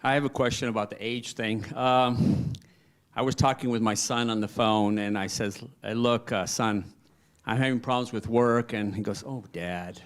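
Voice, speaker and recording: An older man in a church question-and-answer session, telling a story in a halting, rambling way and quoting his son aloud. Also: mid-range voice, fairly even intonation, clean tone. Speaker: congregant asking a question. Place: church meeting room.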